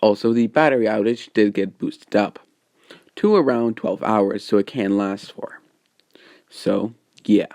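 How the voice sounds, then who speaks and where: Low-voiced man rambling through a story. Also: a little slow, darkish tone, no room sound. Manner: rambling, filler-heavy. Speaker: fan story narrator. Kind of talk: casual retelling of a fan story.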